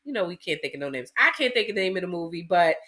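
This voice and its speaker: A woman co-hosting a podcast, speaking in casual chat with halting, hesitant phrasing. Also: on the low side, lively intonation, a bit bright. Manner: hesitant, halting, many restarts. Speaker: podcast co-host.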